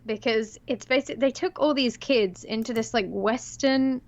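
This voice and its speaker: A young woman joins the stream from afar. Her voice sits a bit high and comes through slightly dull and muffled. She rambles with lots of "like" and "um" and giggles between her thoughts. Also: a little slow. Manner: rambling, filler-heavy, giggly. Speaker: co-host. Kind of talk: casual livestream chat.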